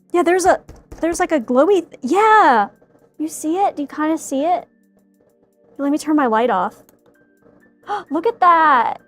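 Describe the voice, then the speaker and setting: Giggly high-voiced woman streamer. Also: dry recording. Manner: giggly, laughs often, exclaims in mock fright. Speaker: streamer making a cosplay prop. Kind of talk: casual live-stream chat.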